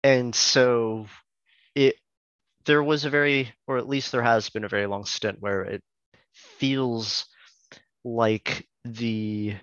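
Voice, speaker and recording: A man, a podcast guest, talking hesitantly in a casual interview, with many pauses and restarts. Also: medium pitch, fairly even intonation, a bit bright, smooth, no echo, muffled recording.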